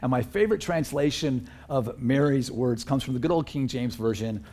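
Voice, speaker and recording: Husky-voiced man preaching a sermon. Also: medium pitch, moderate pace, dark tone. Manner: conversational, earnest, with fillers and chuckles. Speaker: pastor.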